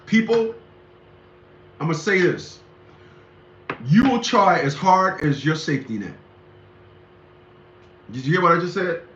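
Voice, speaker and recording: High bright-voiced man ranting, echoey. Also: animated, a little slow, long pauses, a little hiss or hum. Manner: emphatic, repetitive, preachy. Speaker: commentary show host. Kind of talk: casual monologue commentary. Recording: echoey lo-fi room recording.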